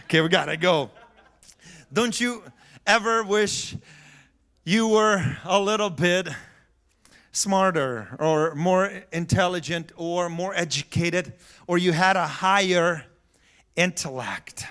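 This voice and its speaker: A man preaching a sermon as pastor, telling stories in a lively way, laughing and acting out what people said. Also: high-pitched, slow, clear, resonant tone. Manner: animated storytelling with laughter and acted-out voices. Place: church sanctuary.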